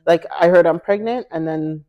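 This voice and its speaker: A woman with a somewhat low voice tells a personal story to an interviewer. She is animated, leaning into each quoted line and laughing between them. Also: moderate pace, highs cut off, over music. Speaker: interview guest.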